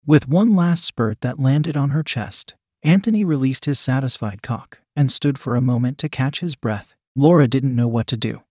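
A man narrating a scripted erotic story in a steady, measured reading. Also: medium pitch, no echo, studio quality.

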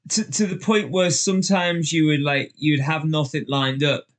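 A man's voice: a little high, fairly even intonation, normal speed. Liverpudlian man, podcast guest, loose anecdotal storyteller with plenty of "you know". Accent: Liverpool English. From England. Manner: chatty storyteller, lots of fillers, acts out voices. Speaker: guest, ultra endurance runner. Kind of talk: casual podcast chat.

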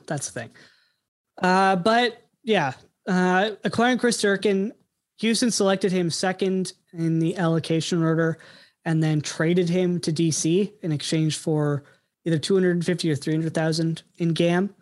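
A man hosting a casual soccer podcast, talking with many ums and uhs as he moves between segments. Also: fairly high pitch. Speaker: podcast host.

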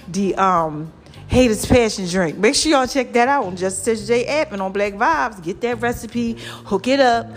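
A woman's voice: mid-range voice, slight background noise. A woman vlogger, talking casually and animatedly to her viewers, calling them y'all and child, with a preachy testimonial tone. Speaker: vlogger sharing a health testimony.

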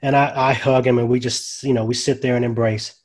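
Older man, chaplain, folksy, mid-pitched, softly quoted dialogue. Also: flat delivery, fairly quick. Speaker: guest, grief ministry chaplain. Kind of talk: casual storytelling.

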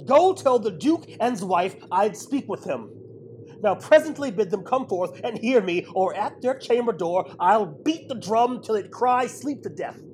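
A man's voice: high-pitched, lively intonation, unhurried, a little mellow, slight background noise, poor audio. An actor playing an aged, proud and grief-stricken king in an audio drama, swinging from bellowing rage to broken murmurs. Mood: furious. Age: older.

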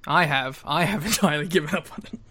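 A man's voice: fairly high pitch, quick pace, pushed and bright. A man co-hosting a podcast in casual chat, laid-back with short, easygoing answers. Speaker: podcast co-host.

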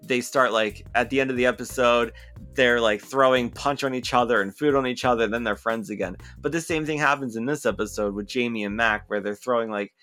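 A man's voice: medium pitch, brisk, sharp tone, faint music behind. A man co-hosting a podcast, casually recapping a TV episode and laughing often as he retells scenes.

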